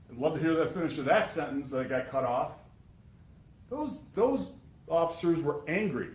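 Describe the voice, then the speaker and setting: Speaking to the jury at a normal speed, an animated prosecutor with a medium-pitched voice makes his closing argument, full of emphasis and sarcasm. The courtroom setting gives the audio an echoey sound.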